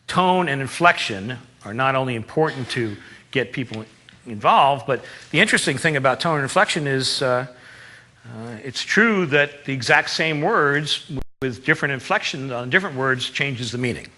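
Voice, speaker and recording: Lively man teaching in a reverberant hall. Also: mid-range voice, moderate pace, slight background noise. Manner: lively, emphatic, conversational with playful asides. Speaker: presentation skills trainer. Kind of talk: live seminar talk.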